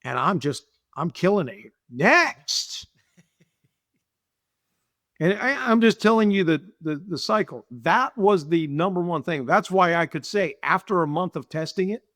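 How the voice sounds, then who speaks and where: This middle-aged business owner has a high voice and an unhurried delivery as he recounts stories in a casual interview. He gets animated, repeats himself and performs the lines he quotes, in a dry, studio-quality recording.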